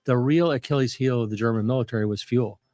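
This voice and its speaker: An older man talks through history at length, circling back with restarts and fillers. His voice sits at an ordinary middle pitch, recorded dry and close with no room sound. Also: fast, a little mellow, dry recording. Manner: detailed, rambling explanations with restarts and fillers. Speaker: guest historian, retired Navy captain. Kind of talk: conversational history explanation.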